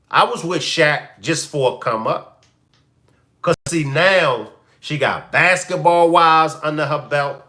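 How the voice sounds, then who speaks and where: An animated man hosts a live-stream commentary. His voice is bright and fairly high for a man, his pitch swings widely, and he talks slowly, pressing the same question again and again. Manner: animated, repeats questions to the chat. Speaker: commentary show host.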